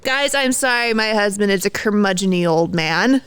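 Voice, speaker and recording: Female podcast co-host, smooth clear voice, playful and quick to laugh. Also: medium pitch, expressive, a bit bright. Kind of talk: casual chat.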